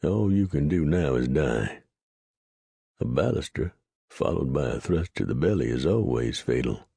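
A man voicing a cool, unhurried Texan gunman with a mocking drawl in an audiobook reading. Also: extremely low pitch, lively intonation, gravelly, dark tone, husky, no room sound, exaggerated voice. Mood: cold. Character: cold, calm Texan gunman, smug and unhurried.

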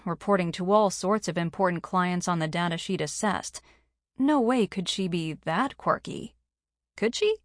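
A woman reading a romance audiobook in a steady, measured way. Her voice sits a little low for a woman, and the sound is dry and close with no room echo. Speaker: audiobook narrator. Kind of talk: scripted narration of a romance novel.

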